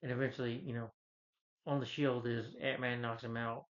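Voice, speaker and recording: A man casually retells a movie's plot, full of fillers and quick quoted lines. His voice sits in the middle range. The recording sounds dull and lo-fi. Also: mid-range voice, level tone. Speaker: movie reviewer. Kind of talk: casual film recap.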